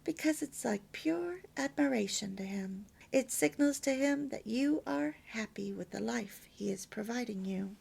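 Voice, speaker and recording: A woman's voice: a little high, expressive, measured pace, creaky, few pauses, darkish tone, husky. A woman reading a homemaking lesson aloud as a story, lilting and emphatic with near-whispered asides. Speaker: reader of a homemaking course.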